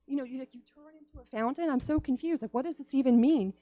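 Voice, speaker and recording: A woman's voice: sits high, quick pace, few pauses, a little mellow, no echo. A woman giving a conversational youth sermon, chatty and laughing often as she acts out stories. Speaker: youth speaker.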